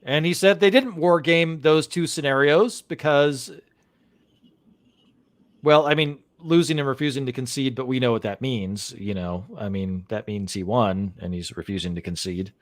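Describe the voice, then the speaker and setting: A man hosting a live chat show reads a news article aloud, then drifts into indignant, rambling commentary full of restarts. His voice sits at an ordinary middle pitch. The sound is close and dry, with no room around it. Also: moderate pace, no room sound. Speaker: podcast host.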